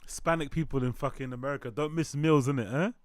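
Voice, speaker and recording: A man's voice: mid-range voice, quick pace, dry recording, studio quality. A man hosting a reaction stream, chatting casually and jokingly, swearing often and repeating himself. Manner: joking, profane, repeats phrases. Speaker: host reacting to videos.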